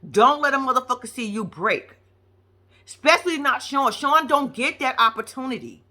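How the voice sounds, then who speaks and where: A woman's voice: high-pitched, expressive, normal speed, pushed and bright. A woman giving casual reaction commentary on a reality show, blunt and profane, talking straight at the people on screen.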